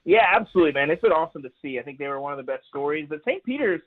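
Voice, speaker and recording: A man's voice: on the high side, animated, rapid-fire. A man calling in as a guest on a sports radio show, chatty and wry, laughing at his own jokes. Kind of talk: casual sports radio chat. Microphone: phone call. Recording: tinny phone line.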